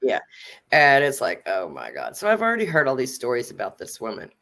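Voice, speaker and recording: A middle-aged woman hosting a casual chat, telling a story in an animated way, acting out quotes and swearing freely. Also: very deep voice, brisk, vocal fry. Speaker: host.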